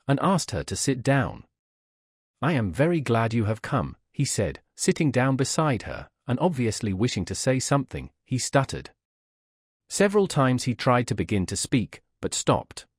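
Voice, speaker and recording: A male audiobook narrator reads a classic novel in a measured, steady way. His pitch moves widely through each sentence. The recording is dry and close to the mic. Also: breathy edge, no echo. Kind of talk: scripted narration.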